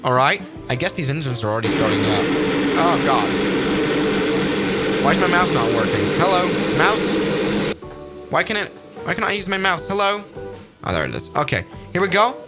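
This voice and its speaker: A man's voice: a little high, big pitch swings, normal speed, pauses often, loud music behind the voice. A man doing casual live-stream commentary on a flight simulator, upbeat and rambling as he thinks aloud.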